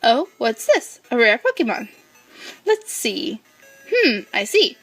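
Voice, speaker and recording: A woman's voice: fairly high pitch, very animated, slow, a bit bright, distant mic, faint music behind, heavily acted. Woman voicing a cheerful old professor. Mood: friendly. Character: friendly older male professor.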